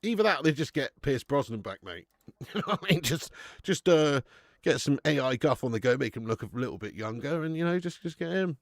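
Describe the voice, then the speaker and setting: A man's voice: medium pitch, animated, a little fast, no room sound. A young man hosting a football watch-along stream, chatting casually with viewers and swearing freely. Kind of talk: casual live-stream chat and match commentary.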